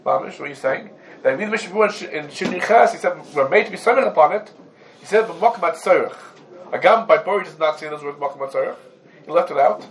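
A religious law teacher speaks fast with lively intonation in a slightly high voice, though the recording quality is poor. In this Talmudic lesson he lays out cases for students through rhetorical questions, sprinkling Hebrew terms into English.

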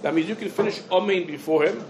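High-voiced man giving a quick Talmud lesson. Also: a crowd in the background, poor audio. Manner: rapid, loose Hebrew-English lecture speech with restarts. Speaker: rabbi teaching a Talmud class. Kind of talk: halachic lecture to a class.

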